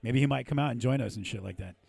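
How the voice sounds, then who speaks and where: A man's voice: mid-range voice, very fast, gravelly, a little mellow, breathy edge, no room sound. A man who hosts a podcast, telling profane stories in casual chat and laughing often. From Mexican-American from San Diego. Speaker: podcast host and puppeteer. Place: podcast studio.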